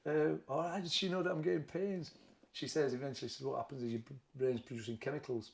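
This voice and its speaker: A middle-aged man with a broad Sheffield accent speaks in a gravelly, mid-pitched voice. He talks plainly and haltingly, doubling back and repeating words as he recounts his story in an interview. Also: steady tone. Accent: Sheffield, Yorkshire. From England. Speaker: boxing trainer, interview guest. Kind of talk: candid personal interview.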